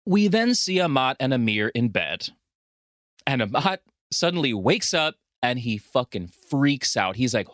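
A man co-hosting a podcast, retelling a film with lively profanity, frequent laughter and acted-out quotes. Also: medium pitch, moderate pace, no room sound, studio quality. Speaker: podcast co-host. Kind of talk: casual movie recap chat.

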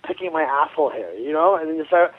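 A man from Canada calling into a talk show, rambling and swearing, halting over his words. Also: fairly high pitch, lively intonation. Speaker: caller. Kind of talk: call-in chat. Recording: tinny phone line.

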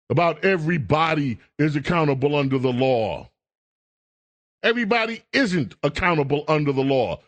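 A man hosting a talk radio show, scolding and emphatic in a political commentary rant. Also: sits high.

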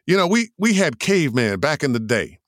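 An older man, a voice actor, answering interview questions in an animated storytelling way, acting out quotes as he goes. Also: fairly high pitch, fairly quick, dry recording, studio quality. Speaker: voice actor guest.

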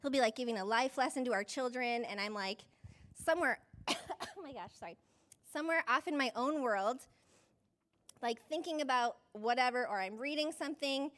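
A woman's voice: high voice, moderate pace, fairly bright tone. A woman pastor giving a conversational sermon, chatty and self-deprecating, often saying "like" and laughing mid-sentence.

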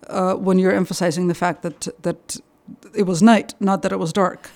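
Middle-aged Russian-native woman, halting. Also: mid-range voice, steady tone, dark tone. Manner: hesitant, many fillers and restarts. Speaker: Russian translator, guest. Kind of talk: podcast conversation.

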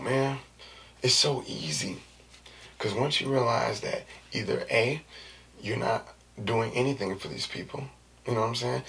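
A fairly low, creaky voice comes from a man in his thirties, recorded from afar. He's a vlogger rambling through a casual monologue in animated slang, dropping into whispers now and then and putting on jokey voices.

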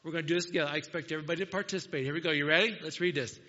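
Bright-voiced man preaching in a hall. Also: on the high side, steady tone, racing. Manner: conversational, self-deprecating, asks the congregation questions. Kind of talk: sermon. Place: church sanctuary. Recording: muffled sound in a large hall.

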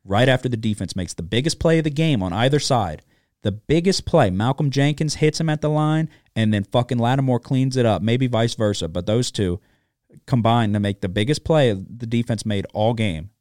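A man's voice: mid-range voice, animated, moderate pace, darkish tone, no room sound, clean studio sound. A man co-hosting a sports betting podcast, ranting with frequent profanity in casual chat.

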